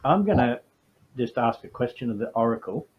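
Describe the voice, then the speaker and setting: A man's voice: medium pitch, lively intonation, a little fast, slightly rough. A man, narrating a tabletop game in a chatty, casual way. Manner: chatty, laughing between lines. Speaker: game master and player. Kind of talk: casual solo role-play narration. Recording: slightly dull, faint hiss.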